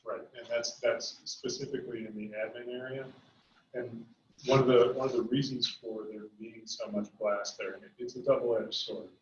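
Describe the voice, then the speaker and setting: A man presenting a school design to a town committee and answering questions in measured, hedging sentences. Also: mid-range voice, fairly even intonation, a little hiss or hum. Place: meeting room. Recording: roomy, distant, dull public-access audio.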